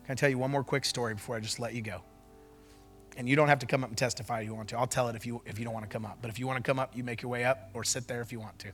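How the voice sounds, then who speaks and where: Bright-voiced preacher, loud declaring. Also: male voice, mid-range voice, fairly even intonation, faint music behind. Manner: swings from loud declarations to quick conversational storytelling. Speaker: pastor. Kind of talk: sermon. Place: church service before a congregation.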